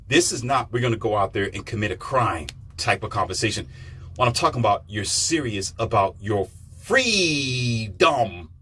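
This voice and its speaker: A low-pitched American man delivers a self-made motivational monologue, leaning into repeated phrases and speaking directly to his listeners. He sounds like he is preaching rather than chatting. A faint noise sits under his voice. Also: a bit bright. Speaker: podcast host.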